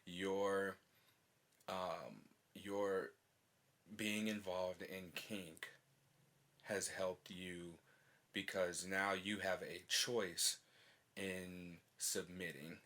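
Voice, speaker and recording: Low-voiced dude hosting a podcast, bright edge to his voice, frank, swears casually. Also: steady tone, drawn-out words, long pauses. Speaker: podcast host.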